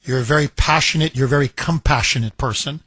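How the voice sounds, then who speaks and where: Impassioned husky male radio host. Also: medium pitch, fast talker, fairly bright tone, dry recording. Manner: impassioned, indignant, emphatic. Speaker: radio talk show host. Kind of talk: talk radio monologue and call-in.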